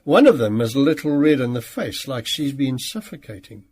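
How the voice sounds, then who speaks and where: A man narrating a novel in the first person, animated and playful. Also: medium pitch, normal speed, husky. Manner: animated, acts out quoted speech. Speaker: audiobook narrator.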